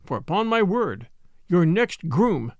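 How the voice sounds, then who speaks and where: A man reading the part of a stern, sardonic old nobleman in an audiobook, deliberate and cold. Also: high-pitched, very animated, no room sound, studio quality, heavily acted. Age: older.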